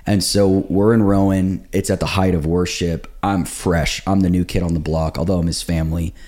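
In a casual podcast chat, a young man who is a pastor recounts his own story in a deep, low voice at normal speed. He tells it in an animated way, voicing other people's lines as he goes.

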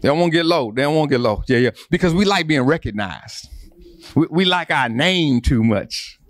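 A man's voice: a little high, lively intonation, normal speed, no echo, clean studio sound. A man preaching a sermon, repeating phrases and building emphasis. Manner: preaching with repetition and rising emphasis. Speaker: pastor.

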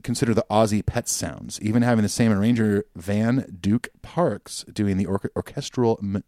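Man, podcast co-host, casual rambling chat, lowish voice, dry close mic. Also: moderate pace, warm tone, dry recording. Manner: laid-back, rambling with fillers and laughs.

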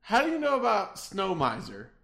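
A man's voice: high-pitched, wildly swooping pitch, moderate pace, gravelly, bright, forceful tone, echoey room. A man joking around in a group chat, blurting out interruptions.

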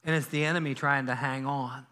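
A male pastor preaching a sermon in a church, telling a Bible story in a lively way and acting out the characters' lines. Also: mid-range voice, brisk. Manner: animated storytelling, acts out biblical dialogue. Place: church sanctuary.

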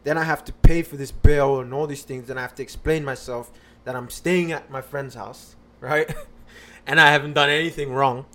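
A man's voice: medium pitch, steady tone, moderate pace, hardly any pauses, bright, forceful tone, slight background noise. A man on a podcast casually telling a personal story, rambling with lots of fillers and restarts.

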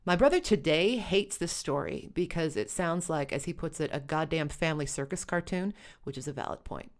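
A woman telling a first-person story with wry, dry humor. Her voice sits low. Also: moderate pace.

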